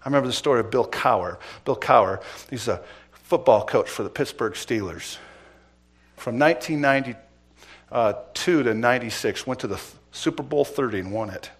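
A middle-aged man preaching as pastor, asking the congregation pointed questions and swinging between loud emphasis and quiet asides. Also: mid-range voice, normal speed, slightly rough. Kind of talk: sermon.

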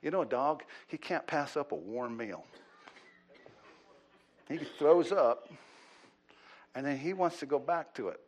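Man, pastor, sermon, fairly high voice, urgent pleading, hushed asides, repeated words. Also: measured pace, pauses often. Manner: dynamic preaching that swings from loud urgent pleading to low hushed asides.

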